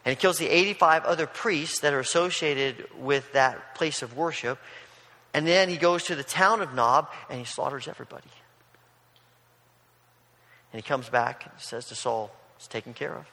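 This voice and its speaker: A man's voice: a little high, moderate pace, sharp tone, in a large hall. A man preaching a sermon, retelling a scripture story in a casual storytelling way. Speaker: pastor.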